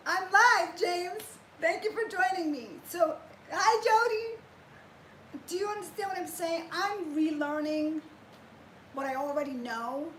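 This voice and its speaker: Chatty high-voiced woman, echoey room. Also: a little hiss or hum. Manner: chatty and animated, greets viewers by name. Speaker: fitness vlogger on a live stream. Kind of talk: casual live chat to viewers.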